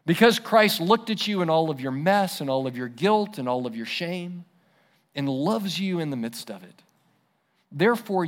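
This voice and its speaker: A man preaching a sermon as pastor, conversational and emphatic. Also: on the high side. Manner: conversational, emphatic, self-deprecating.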